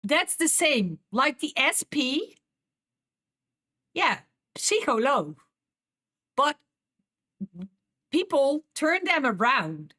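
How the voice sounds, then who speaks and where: Dutch woman chatting slowly on stream. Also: sits high, sing-song, sharp tone. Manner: chatty, laughs often, repeats and restarts words. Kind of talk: casual live-stream chat with viewers.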